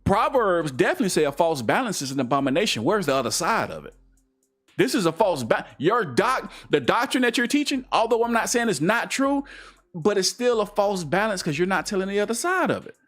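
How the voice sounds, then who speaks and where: A man's voice: sing-song, fairly quick, a bit bright, faint music behind. Heated preachy man on talk radio. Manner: heated, preachy, swings from low mutters to high outbursts. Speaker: radio show co-host. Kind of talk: casual talk radio discussion.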